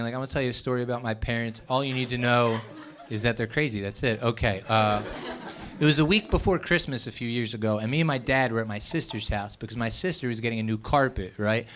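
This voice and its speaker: A young man doing a stand-up set on a club stage, telling stories in a quick, conversational way. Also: medium pitch, a bit bright. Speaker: stand-up comedian. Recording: live club recording with audience noise.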